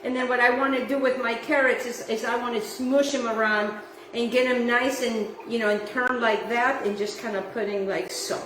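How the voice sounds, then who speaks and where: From her kitchen, a woman hosts a home cooking demonstration, her voice on the high side, a bit bright and fairly even in intonation at a moderate pace. She gushes effusively and sometimes sings her words. The mic is distant, and the room is echoey with faint background noise.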